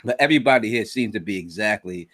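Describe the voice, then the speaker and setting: A man hosting a casual chat, telling animated stories and laughing often. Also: fairly low pitch, fast. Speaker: host.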